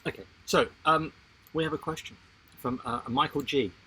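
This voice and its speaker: A man co-hosting a casual live-stream chat about sailing, animated and jokey, reading out viewer comments. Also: on the high side, moderate pace, slight background noise, rough recording. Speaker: sailing channel co-host.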